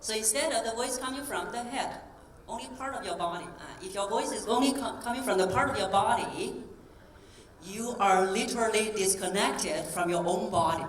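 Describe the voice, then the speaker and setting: A woman voice coach giving a keynote talk to a convention audience, animated and demonstrative, asking the crowd questions. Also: mid-range voice, moderate pace. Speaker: voice coach and speaker. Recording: roomy echo from a distance, faint ambience.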